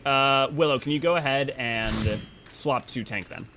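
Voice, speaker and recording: Bright-voiced man chatting with stream viewers. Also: medium pitch, a little slow. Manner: rambling, talks to chat while organizing a party. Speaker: streamer hosting a game stream. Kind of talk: casual live-stream chat with viewers.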